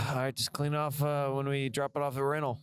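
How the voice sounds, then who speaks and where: A man's voice: medium pitch, little pitch movement, normal speed, clear, resonant tone. A man hosting a podcast from a car, joking and laughing with stammering restarts. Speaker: podcast host. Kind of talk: casual chat on a road trip. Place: inside a moving car.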